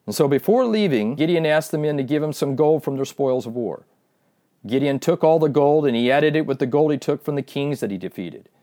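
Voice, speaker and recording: Male preacher, fairly high voice, lively storytelling, speaks straight to the congregation. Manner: animated storytelling, slows for emphasis, addresses listeners directly. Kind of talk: sermon retelling a Bible story.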